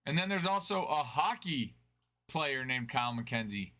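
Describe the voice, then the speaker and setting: A man's voice: mid-range voice, expressive, measured pace, bright, forceful tone. A man hosting a card break stream, chatting casually and answering viewers' chat.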